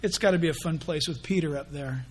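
A male pastor preaching a sermon in an animated way, acting out mock dialogues. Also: fairly high pitch, fast talker, breathy edge.

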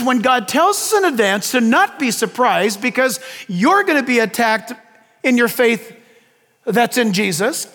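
A man's voice: extremely high pitch, fairly bright tone, in a large hall. An older man preaching a sermon to his congregation, asking them questions and adding folksy asides about grandchildren. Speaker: pastor.

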